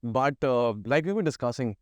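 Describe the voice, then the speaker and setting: A man's voice: medium pitch, expressive, normal speed, a little mellow, clear, resonant tone, no room sound. A young man, hosting a casual interview and asking curious follow-up questions. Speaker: host chef interviewer.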